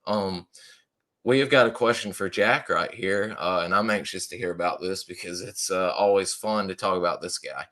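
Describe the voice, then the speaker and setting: A man's voice: low-pitched, moderate pace, a bit bright. A man hosting a podcast, chatting with lots of fillers. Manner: chatty, uses fillers and southern "y'all". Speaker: podcast host. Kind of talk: casual chat.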